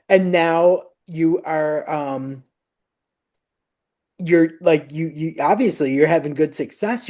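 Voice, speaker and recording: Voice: mid-range voice, dark tone. Podcast host, casual chat, rambling, full of ums and likes. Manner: rambling, searching for words, lots of fillers.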